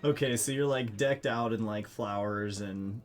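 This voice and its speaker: A man narrating as game master for a tabletop game, casual and quick to laugh. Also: lowish voice.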